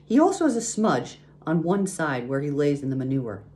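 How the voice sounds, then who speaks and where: A determined farmer's wife in a storybook, firm and matter-of-fact, in a low voice close to the reader's own, as a woman reads her. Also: very animated, moderate pace, mellow.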